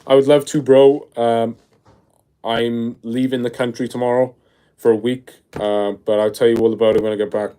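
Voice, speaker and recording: A man in his twenties chatting casually on a live stream, excitable and saying "bro" a lot. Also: mid-range voice, moderate pace, clear, resonant tone. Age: 20s. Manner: excitable, peppers speech with "bro", reads chat aloud.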